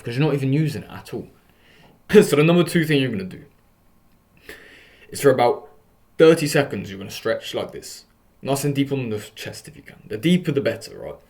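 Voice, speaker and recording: A young man hosting a self-improvement vlog, coaching viewers through posture exercises in a casual, energetic way. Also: mid-range voice.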